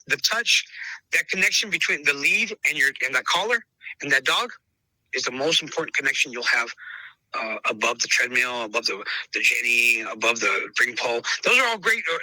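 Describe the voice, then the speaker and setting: A man's voice: mid-range voice, animated, brisk, sharp tone, no room sound, poor audio. A man talking emphatically in a casual interview, repeating himself and calling the listener brother. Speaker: podcast host interviewed as dog trainer.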